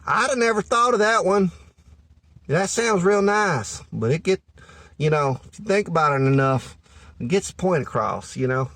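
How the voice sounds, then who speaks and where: A man's voice: high-pitched, animated, moderate pace, fairly bright tone, no room sound. A man playing a folksy Southern good ol' boy with a Southern US accent, rambling through dating advice in a comedic monologue. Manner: rambling, folksy, full of "you know".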